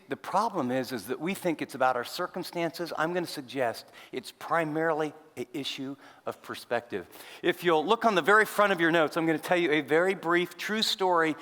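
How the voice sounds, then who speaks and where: Older pastor preaching in a reverberant hall. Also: male voice, fairly high pitch, sharp tone. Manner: earnest, confiding, with self-deprecating asides. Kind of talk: conversational sermon storytelling. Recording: long reverb of a large hall.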